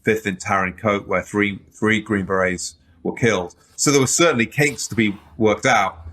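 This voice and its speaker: This middle-aged man speaks with a British accent and a fairly low voice, sitting as a guest on a casual podcast. He talks easily and rambles a little, filling his pauses with "um" and "you know". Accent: British English. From Britain. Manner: relaxed, rambling with frequent fillers. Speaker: author and journalist guest.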